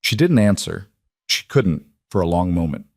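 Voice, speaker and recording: A man narrating a story in a steady, unhurried way. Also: low-pitched, no echo, studio quality. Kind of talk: scripted narration.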